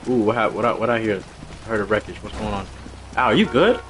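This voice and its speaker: A young man hosting a live car meet stream, talking casually and excitedly, often repeating short commands and laughing quickly. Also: fairly low pitch, slight background noise. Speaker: livestream host running a car meet. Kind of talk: casual live game commentary.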